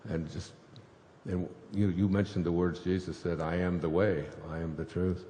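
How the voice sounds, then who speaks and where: A spiritual author addresses a live audience from a stage, telling a scripture story in a rambling way peppered with fillers and chuckles. His voice sits low with a dark tone and flat delivery, at a moderate pace. The echoey hall leaves faint noise in the recording.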